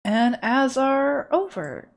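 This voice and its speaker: A woman's voice: high voice, sing-song, slow, vocal fry. A young woman chatting casually and rambling while she draws on a live stream, laughing at herself often. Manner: rambling, giggly, self-deprecating. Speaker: art streamer.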